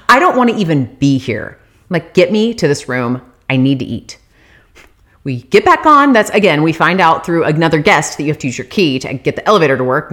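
A woman telling a story on her vlog in a casual, animated and exasperated way, swearing freely. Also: fairly low pitch.

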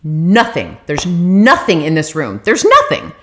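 A woman telling a story on her vlog in a casual, animated and exasperated way, swearing freely. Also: fairly low pitch, a little slow.

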